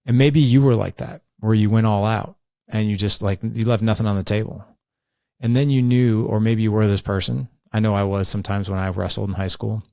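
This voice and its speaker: Podcast host, man, 30s, low gravelly voice, candid rambling storyteller, dry close mic. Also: fairly even intonation, fairly quick, a little mellow, dry recording. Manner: candid, rambling, filler-heavy. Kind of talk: personal storytelling monologue.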